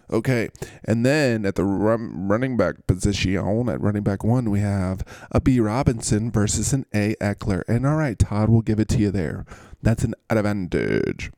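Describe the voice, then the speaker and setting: A man's voice: on the low side, normal speed, vocal fry, warm tone, no room sound, studio quality. A man hosting a podcast in casual, rambling chat, full of jokes, puns and running bits. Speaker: podcast host.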